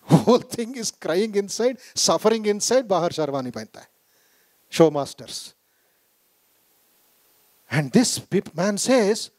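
A high-pitched man with an Indian English accent addresses a gathering in a hall. He tells stories with emphasis, repeating key phrases and voicing the people he quotes. The delivery is that of a spiritual speaker lecturing a corporate audience. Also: lively intonation, a little slow, long pauses, a little mellow. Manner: storytelling, repetitive and emphatic, acts out quoted voices. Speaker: monk giving a talk. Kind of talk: public speech to a corporate gathering. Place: conference hall.

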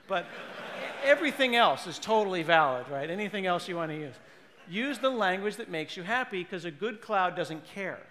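Guy doing a funny tech keynote, kinda high voice, big echoey hall. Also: moderate pace. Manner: animated, jokey, mimics people with put-on voices. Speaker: conference speaker. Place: large conference hall. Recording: long hall reverb.

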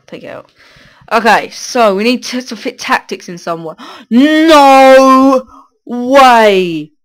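A man hosting a gaming video on a headset, chatting casually to himself while he builds, swearing often and breaking into excited bursts. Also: high voice, moderate pace. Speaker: gaming channel host. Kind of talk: casual gameplay commentary.

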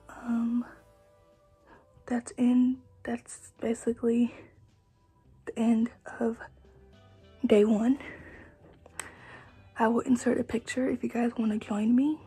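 A woman's voice: a little high, flat delivery, slow pace, long pauses, warm tone, slightly rough, faint music behind, poor audio. A young adult woman vlogging a home workout, chatting with viewers while slightly out of breath. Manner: chatty, filler-heavy, addresses viewers as you guys. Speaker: fitness vlogger. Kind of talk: casual vlog talk to viewers.

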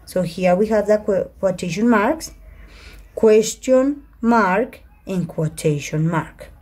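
Slow-talking teacher with a Spanish accent. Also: female voice, mid-range voice, darkish tone, husky. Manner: switches between English and Spanish, reads sentences aloud slowly. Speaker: English teacher. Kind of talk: online grammar class. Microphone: computer mic in a video call.

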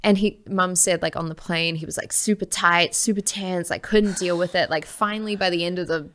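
A woman guest on a podcast, telling a personal story in a lively way, laughing often and acting out the voices she quotes. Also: fairly low pitch, fairly quick.

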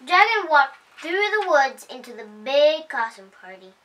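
Woman, storytime host, high and bright, lively read-aloud, slow, cheerful, picture book, heard from a distance. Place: home.

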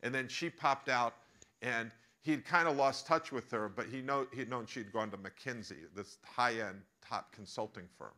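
Bright-voiced American man telling a story. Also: mid-range voice, normal speed. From United States. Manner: animated, joking storyteller. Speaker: professor giving a masterclass. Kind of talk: storytelling lecture.

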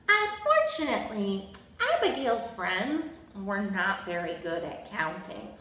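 A woman's voice: mid-range voice, big pitch swings, unhurried, fairly bright tone. A woman librarian reading a picture book aloud at a children's storytime, sing-song and gasping with cheerful encouragement. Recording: roomy echo.

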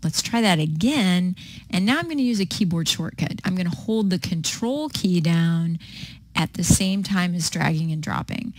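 A woman teaching video editing in a patient, step-by-step way, with frequent pauses and ums. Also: lowish voice, no echo. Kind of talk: screen-recorded software tutorial.

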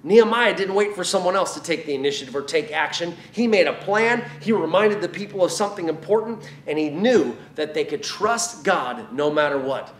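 A man's voice: fairly high pitch, expressive, brisk, hardly any pauses, a little hiss or hum. A man, a children's pastor, telling a Bible story to kids in an upbeat way, speaking to them directly, then leading a prayer. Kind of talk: kids' Bible lesson and prayer. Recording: echoey room.

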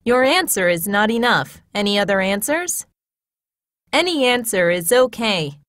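A woman reading classroom English phrases in a clear, measured, teacher-like way, as scripted studio narration. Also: mid-range voice, lively intonation, fairly bright tone, no room sound.

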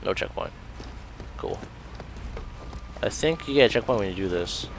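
A man's voice: fairly low pitch, animated, normal speed, vocal fry, a little hiss or hum. Swearing, ranting gameplay commentator man. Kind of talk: let's play commentary.

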